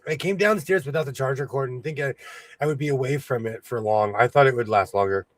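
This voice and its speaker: A man's voice: mid-range voice, quick pace, no room sound. A man hosting a sewing livestream in casual chat, playful, breaking into bits of song and laughter.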